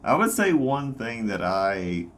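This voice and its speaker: A man with a Southern American accent, a guest in a casual chat, talking haltingly with many fillers. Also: medium pitch, sing-song. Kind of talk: casual conversation.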